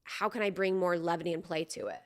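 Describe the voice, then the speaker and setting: A woman's voice: lowish voice, fast talker. Chatty woman podcast host. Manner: chatty, animated, laughs often, many "like"s. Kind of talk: casual conversation.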